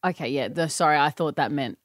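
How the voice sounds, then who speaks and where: A woman's voice: sits low, fast talker, dry recording, clean studio sound. A woman, co-hosting a podcast in casual, giggly banter that often trails off mid-sentence. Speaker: podcast co-host.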